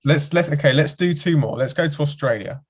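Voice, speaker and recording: A man's voice: fairly high pitch, a little fast. A man co-hosting a podcast, chatting casually with enthusiasm and frequent giggles. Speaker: podcast co-host. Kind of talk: casual chat.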